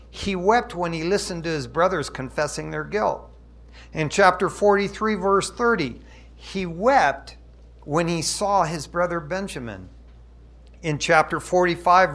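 Animated man preaching a casual sermon. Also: fairly high pitch. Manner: animated, conversational, says "man" often. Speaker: pastor.

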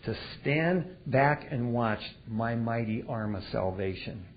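Calm, fatherly God, low and hushed, casual, as a male preacher puts him on; dull lo-fi recording. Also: slow pace, a little hiss or hum.

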